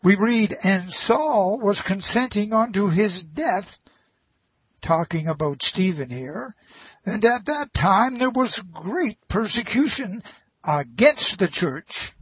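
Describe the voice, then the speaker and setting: A preacher gives a folksy sermon in a husky, fairly high, expressive voice, stretching out long, drawn-out phrases without hurrying. He slips homespun asides between his points, and the recording sounds dry and a bit muffled.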